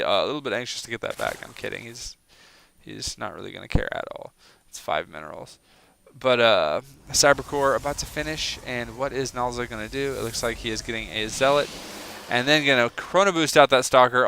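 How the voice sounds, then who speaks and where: Bright, crisp-voiced chatty male caster. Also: medium pitch, poor audio. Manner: chatty, rambling, self-deprecating, jokey. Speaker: game caster. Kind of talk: casual play-by-play game commentary.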